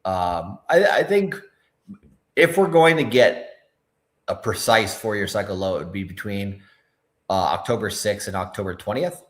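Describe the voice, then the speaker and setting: A man's voice: fairly low pitch, lively intonation, moderate pace. A man co-hosting a livestream, talking loosely with frequent filler words and swearing. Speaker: co-host of a crypto livestream. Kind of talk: casual livestream chat.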